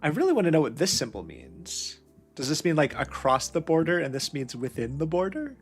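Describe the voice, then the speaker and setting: A man's voice: fairly high pitch, huge pitch swings, fairly quick, soft background music. A man playing a detective puzzle game, thinking aloud and muttering questions to himself as he works through the clues. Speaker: let's play host.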